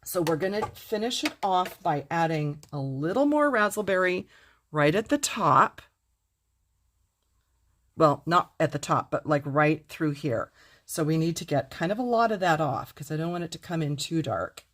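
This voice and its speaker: A woman's voice: low-pitched, animated, moderate pace, a bit bright. A middle-aged woman teaching card making in a casual demonstration, gushing with enthusiasm and talking straight to her viewers.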